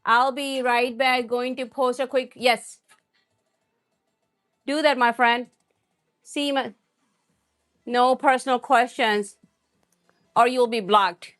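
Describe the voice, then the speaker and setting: A woman's voice: fairly high pitch, fairly even intonation, takes it slowly, long pauses, fairly bright tone, faint music behind. A woman hosting a live cooking stream, chatting and rambling as she talks straight to her viewers. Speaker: cooking livestream host.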